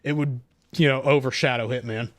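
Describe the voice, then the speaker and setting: A young man streaming a game and ranting to chat, profane and quick to anger. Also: mid-range voice, steady tone. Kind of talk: casual gaming stream chat.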